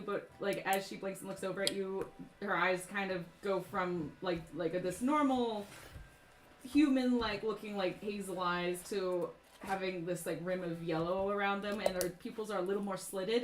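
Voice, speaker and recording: A woman's voice: mid-range voice, moderate pace, noisy background. Woman DM narrating, lots of likes and ums, echoey room. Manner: rambling, many fillers. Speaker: dungeon master. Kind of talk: narrating a tabletop game.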